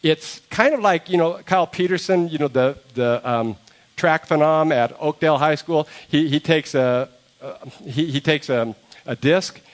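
A man pastor giving a conversational sermon, retelling a story with animated asides and jokes. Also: on the high side.

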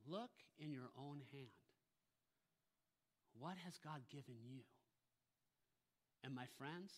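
A man's voice: on the high side, takes it slowly. A pastor preaching a sermon, emphatic, often putting rhetorical questions to his congregation.

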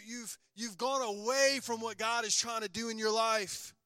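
Pastor guy preaching, pretty high voice, dry close sound, gets the church repeating after him. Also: normal speed, hardly any pauses, dry recording. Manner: energetic, calls on the congregation to repeat after him. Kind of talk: sermon.

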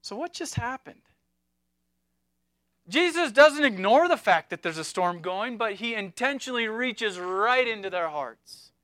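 Male pastor, high bright voice, clear and dry, emphatic delivery rising loud and dropping hushed. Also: expressive, measured pace, no echo. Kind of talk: sermon.

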